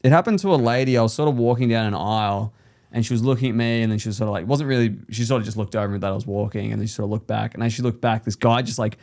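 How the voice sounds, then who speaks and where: Fast-talking young man. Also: on the low side, a little mellow. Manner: laughs often while telling stories. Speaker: podcast co-host. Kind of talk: casual chat.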